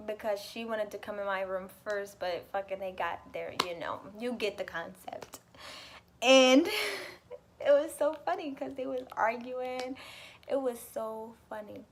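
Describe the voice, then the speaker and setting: A young woman telling a story in a casual vlog, animated and chatty, swearing freely and laughing often. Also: medium pitch, measured pace. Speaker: vlogger.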